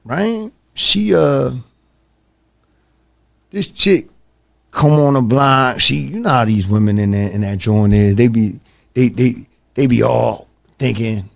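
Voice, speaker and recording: A man's voice: medium pitch, slow, gravelly, long pauses. A man hosting a talk show, telling stories in a casual, emphatic way and calling his listeners "bro" often. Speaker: podcast host. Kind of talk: casual storytelling.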